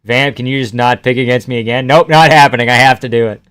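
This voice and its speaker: A young man chatting casually and profanely on a live fight reaction stream, joking and yelling at the screen. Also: medium pitch, fast, clean tone. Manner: excitable, profane, laughing, yells at the screen.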